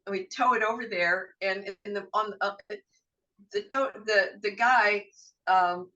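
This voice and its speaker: A woman's voice: mid-range voice, slow, bright, forceful tone, distant mic, highs cut off. A middle-aged woman, a podcast guest, telling a frank personal story in vivid detail, acting out what people said and swearing now and then. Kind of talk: emotional personal storytelling in an interview.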